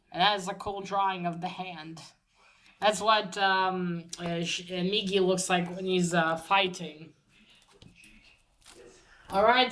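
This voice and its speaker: A woman with a bright, ringing voice talks through the plot of a manga volume. She rambles and stumbles, restarting sentences and filling pauses as she goes, and she swears now and then in an offhand way. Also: fairly low pitch. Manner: rambling, halting, many fillers and restarts; swears casually. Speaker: manga reviewer. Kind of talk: casual plot recap and book showing.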